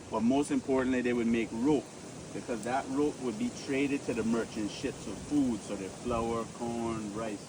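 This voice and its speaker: Caymanian male tour guide, joking and animated, outdoors, heard from a distance with faint noise. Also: mid-range voice. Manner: joking, lively and animated, with local slang.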